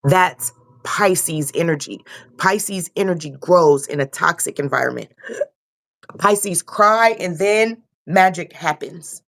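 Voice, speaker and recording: A woman's voice: fairly low pitch, takes it slowly, creaky, a bit bright. A young woman giving a loose, casual tarot reading and repeating herself often. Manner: loose, repetitive, swears casually. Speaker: tarot reader.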